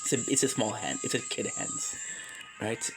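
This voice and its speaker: A man's voice: mid-range voice, animated, normal speed, music in the background, low-quality recording. A man from Quebec, Canada, rambling through a joking, tangent-filled casual monologue and swearing freely. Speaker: streamer.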